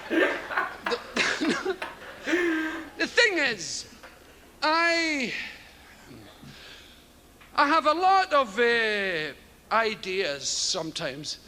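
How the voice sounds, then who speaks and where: A Scottish stand-up comedian telling rambling, profane stories with frequent chuckles. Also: male voice, very high voice, animated, very slow, pauses often. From Scotland. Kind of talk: stand-up routine. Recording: heavy background noise.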